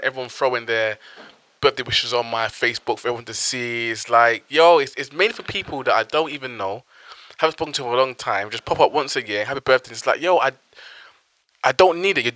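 A young man talks in a loose, blunt way, swearing often as he makes his points. His voice is bright and forceful. The sound is dry and close. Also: medium pitch, no room sound. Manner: blunt, swears a lot, animated storytelling. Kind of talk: casual chat.

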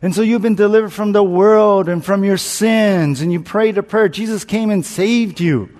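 A man's voice: high-pitched, normal speed, a little mellow. A man preaching a sermon, telling a candid personal story with self-mocking humour and acting out his own panic. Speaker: pastor. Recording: long reverb, as in a large hall.

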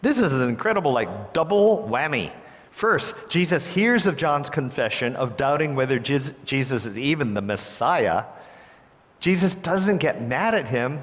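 Male preacher, fairly high voice, sermon delivery that drops to a hush and then rises to emphasis, long hall reverb. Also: normal speed. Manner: expressive, swings between hushed and emphatic delivery.

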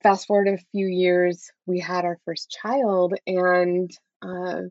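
A woman's voice: lowish voice, flat delivery, takes it slowly, no room sound. A woman in her thirties, a guest in an interview, telling a personal story candidly and often adding "right?". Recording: dull, dry, lo-fi sound.

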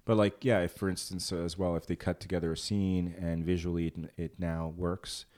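A man's voice: low voice, little pitch movement, brisk, darkish tone. A man hosting a podcast, chatting loosely and joking with many restarts. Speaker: podcast host. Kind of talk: casual chat.

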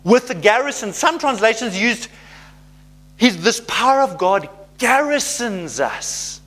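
A man preaching a sermon, animated and conversational, often checking in with his listeners. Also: very high voice, unhurried. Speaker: pastor.

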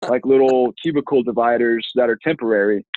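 A man, a football coach telling an animated story from his playing days in an interview, voicing the people in it as he goes. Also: mid-range voice, brisk, no room sound. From Texas. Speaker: football coach, former college lineman. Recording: tinny phone-like line, dry.

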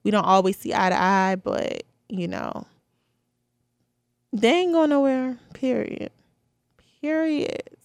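Young woman just chatting on her podcast, lots of like and you know, pretty mid-pitched, dry room. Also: animated, unhurried, gravelly, long pauses, no room sound. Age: 20s. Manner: chatty, candid, many "you know" and "like" fillers. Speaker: podcast host. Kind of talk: casual solo podcast talk.

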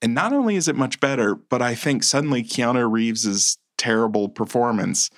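This medium-pitched male co-host talks film at a moderate pace on a podcast, loosely and conversationally. His chat wanders, he keeps fixing what he's just said, and he laughs softly a lot. Sound is clean studio quality without echo.

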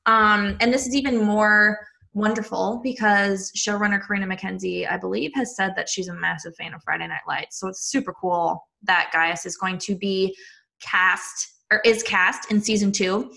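A woman's voice: medium pitch, steady tone, normal speed, gravelly, pushed and bright. A woman with a Midwestern accent co-hosting a podcast, chatting enthusiastically about a TV show and often trailing off mid-thought. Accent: Midwestern American. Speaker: podcast co-host. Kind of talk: casual chat.

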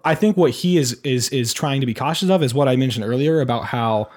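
A man's voice: medium pitch, fairly quick, darkish tone. A man hosting a casual chat, rambling with many fillers and restarts as he reacts to clips. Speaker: podcast host reacting to clips.

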